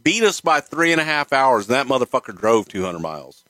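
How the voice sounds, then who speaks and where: A man's voice: mid-range voice, fairly quick, no room sound. A man telling stories casually, with lots of swearing. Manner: profane, animated storytelling. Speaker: guest storyteller. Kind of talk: casual storytelling.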